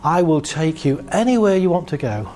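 A stiff male future car announces each choice in a flat, robotic way, voiced by a man. It sounds literal-minded and never shifts its tone, even when it mishears. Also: a little high, moderate pace, soft background music, lightly acted.

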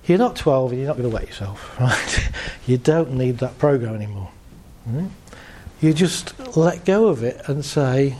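Man therapist, fairly high voice, mellow tone, calm coaching, light laughs. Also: moderate pace. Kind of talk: guiding a group through a visualization exercise.

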